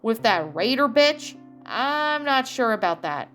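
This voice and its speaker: A woman's voice: fairly high pitch, sing-song, measured pace, fairly bright tone, soft background music, voice pushed up. A woman reading a fan story aloud, voicing a mouthy young man who grumbles back. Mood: grumbling. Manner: grumbling, retorting.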